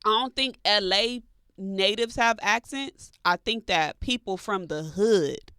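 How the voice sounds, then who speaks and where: A woman's voice: mid-range voice, a little slow, sharp tone, smooth, no echo, clean studio sound. A woman from Los Angeles co-hosting a podcast, chatting casually and laid-back with lots of fillers. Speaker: co-host.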